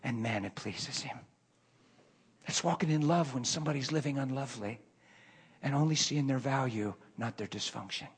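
A man preaching and telling a story from his working life, moving from hushed murmurs to loud, excited bursts. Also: mid-range voice, moderate pace, slightly rough. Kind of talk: sermon storytelling.

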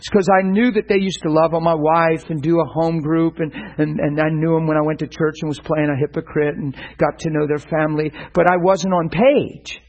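A middle-aged man preaching earnestly about prayer, animated and stumbling over repeated words. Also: on the high side, low-quality recording. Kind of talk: sermon-style teaching.

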